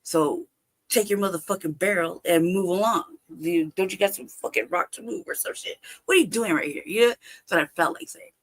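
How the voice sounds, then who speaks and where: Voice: medium pitch, fairly quick, fairly bright tone. A livestream host telling a personal story casually, heavy with profanity, laughing often and acting out both sides of a conversation. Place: home livestream setup.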